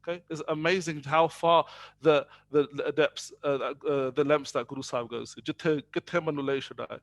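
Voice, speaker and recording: A man's voice: on the high side, steady tone, fast, a bit bright, slight background noise. Chatty man telling a faith story. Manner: conversational, many fillers, switches between English and Punjabi. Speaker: speaker telling faith stories. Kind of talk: storytelling talk to an audience.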